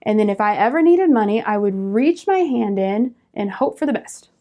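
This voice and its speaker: A young woman telling a personal story as a guest on a faith-based round table, lively, with laughs and quoted voices. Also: mid-range voice, moderate pace. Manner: animated storyteller, laughs often, acts out quoted speech.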